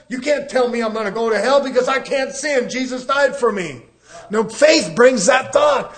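A middle-aged man preaching a sermon, asking his congregation rhetorical questions and swinging between loud emphasis and quieter passages. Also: extremely high pitch, moderate pace.

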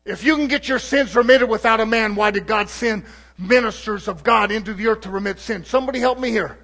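Preaching a little fast, a man moves from quiet murmurs to shouted proclamations and calls on his congregation to respond.

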